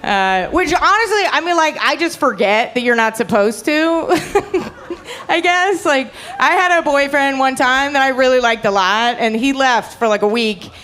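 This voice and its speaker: A young woman working a comedy club crowd with a high, bright voice. Her delivery is brash and foul-mouthed. She keeps laughing at her own jokes into a handheld stage mic. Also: measured pace. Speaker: stand-up comedian. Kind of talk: stand-up comedy set. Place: comedy club stage before a live audience.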